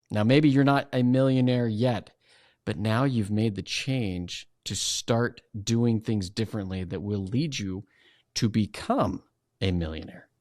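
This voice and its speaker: A man with a low-pitched voice talks through ideas as a podcast guest, animated and quick to act out the inner voices he describes. The sound is dry and close, with little room around him. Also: dry recording. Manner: animated, acts out inner voices while explaining. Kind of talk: conversational explanation.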